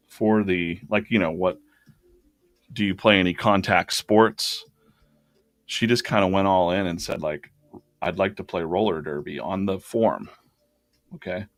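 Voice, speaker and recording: A man with a deep voice rambles through a personal story in an animated way, quoting and performing the dialogue, while he hosts a drawing challenge. There's no echo on the audio.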